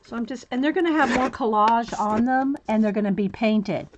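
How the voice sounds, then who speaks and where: A woman hosts a crafting livestream in a fairly quick, higher-pitched voice, captured by a camera mic set low on the desk, with highs cut off and background noise. She chats casually and greets viewers by name while cutting and sorting art cards.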